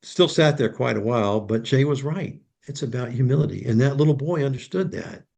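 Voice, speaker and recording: A man's voice: mid-range voice, expressive, a little fast, creaky, darkish tone, husky. An older man, a professional Santa guest, telling an emotional story and acting out the dialogue. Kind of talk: heartfelt storytelling in interview.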